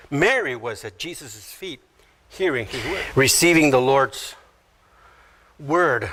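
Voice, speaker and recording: A man preaching a sermon as pastor, unhurried and teaching verse by verse, animated as he acts out quoted voices. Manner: animated, acts out quoted voices with sudden high pitch jumps.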